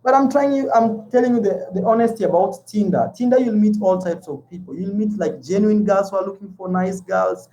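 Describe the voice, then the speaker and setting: A man's voice: sits high, fairly quick, few pauses, warm tone, low-quality recording. A man from Kenya with a Kenyan accent, talking casually to his viewers as a travel vlogger, often repeating himself and calling them "man". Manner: chatty, repeats words, calls viewers 'man'. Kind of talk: casual vlog chat to viewers.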